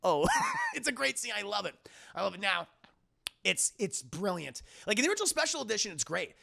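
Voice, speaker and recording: A young man streaming a casual film review to his live chat, excitable and profane, with many restarts. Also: high voice, a little fast, vocal fry.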